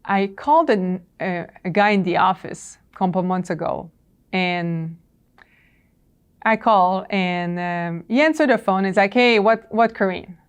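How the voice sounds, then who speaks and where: A woman's voice: on the low side, unhurried, clear, resonant tone. A woman presenting a professional training talk. She speaks conversationally with fillers and acts out dialogue from her stories.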